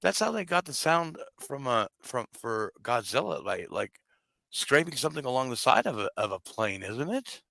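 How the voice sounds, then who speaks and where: Excitable male co-host, bright tense voice, dry sound. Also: medium pitch, normal speed, vocal fry, dry recording. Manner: excitable, stammering, repeats words. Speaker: livestream co-host. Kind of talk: casual livestream chat.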